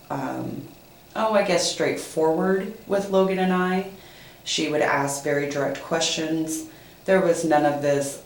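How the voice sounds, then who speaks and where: A woman's voice: sits low, slight background noise. A mother recounting, echoey room. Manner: plain, halting, many fillers. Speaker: interviewee, mother. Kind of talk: emotional personal account.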